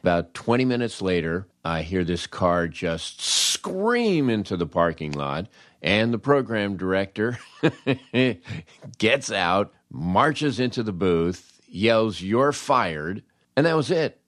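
A man's voice: lowish voice, very animated, slow pace, fairly bright tone, no room sound. An older American man telling radio career stories in a wry, sardonic way, acting out the people he quotes. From United States. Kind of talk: casual storytelling monologue.

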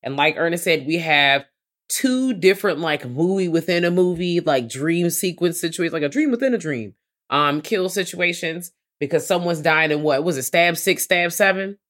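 A woman co-hosting a casual movie review podcast, talking in an animated, slangy way. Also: lowish voice, normal speed. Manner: animated, slangy, laughs while telling. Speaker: podcast co-host.

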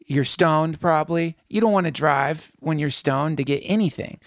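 A man co-hosting a podcast, telling stories in an animated, jokey, emphatic way. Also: fairly high pitch, normal speed, dry recording, studio quality. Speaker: podcast co-host. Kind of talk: casual chat.

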